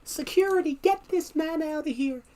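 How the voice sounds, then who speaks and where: A shrill, squeaking American as a man puts it on shouts for security in an overdramatic rage. The voice jumps far above his normal pitch into a thin falsetto. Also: normal speed. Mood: outraged.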